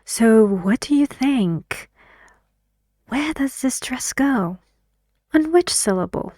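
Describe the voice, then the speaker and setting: A woman's voice: a little high, animated, takes it slowly, darkish tone, dry recording. A woman teaching an English pronunciation lesson in a patient way, asking learners questions as she explains.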